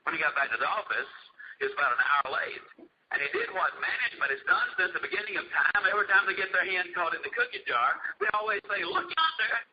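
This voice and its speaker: A man giving a motivational speech as an animated, dramatic storyteller. The recording is dull and lo-fi with a faint hiss. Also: high voice, quick pace. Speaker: motivational speaker.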